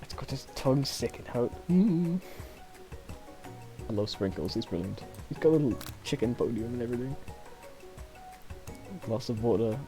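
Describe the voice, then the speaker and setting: A male streamer reads a dating game aloud and keeps breaking off for playful jokes and laughs. His voice is mellow and dark. Faint music plays behind him. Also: medium pitch, lively intonation, normal speed, long pauses. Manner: playful, laughing, joking asides.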